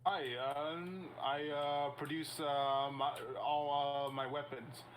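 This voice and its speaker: A man playing a tabletop game, speaking in a halting way with many fillers. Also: fairly high pitch, little pitch movement, slight background noise. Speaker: player.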